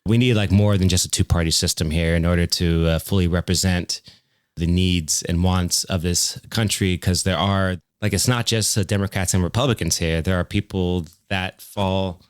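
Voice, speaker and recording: A man's voice: low voice, steady tone, normal speed, smooth, no room sound, clean studio sound. A man, a music producer guest on a podcast, talking casually and rambling with many fillers and restarts. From United States. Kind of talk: casual conversational interview.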